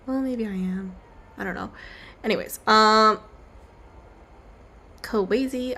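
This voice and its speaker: Medium in pitch and slow, this woman's voice is creaky, husky and sharp-toned, broken by long pauses. She's young, drawing on a stream while she chats casually, rambling, putting herself down with apologies and dropping into silly voices.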